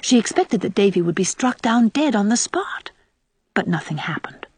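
A woman reading a storybook aloud in an expressive, dramatic way. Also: mid-range voice, moderate pace, husky, no room sound. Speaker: audiobook narrator. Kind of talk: storybook narration.

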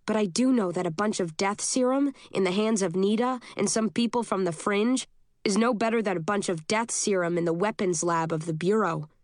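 A woman reading a first-person novel aloud as an audiobook narrator, steady and measured. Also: mid-range voice, dry recording, studio quality.

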